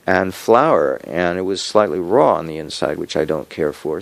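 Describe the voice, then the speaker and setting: Low gravelly man rambling on. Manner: digressive, halting, with frequent repeats and chuckles. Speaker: home cook sharing health updates. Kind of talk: rambling personal monologue.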